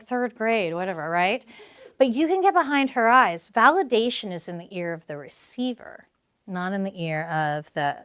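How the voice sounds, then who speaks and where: A woman in her fifties, a clinical social worker giving a public talk, animated and laughing often as she acts out dialogues. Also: fairly high pitch.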